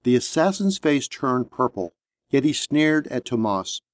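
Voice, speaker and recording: A man narrating an action story in a steady, measured audiobook reading. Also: mid-range voice, no room sound, studio quality.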